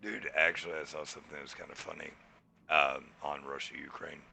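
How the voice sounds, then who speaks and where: A man's voice: extremely low pitch, brisk, vocal fry. A man co-hosting a podcast, telling a story in casual chat and acting out the people in it. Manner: animated, acts out quoted people in his anecdotes. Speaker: podcast co-host.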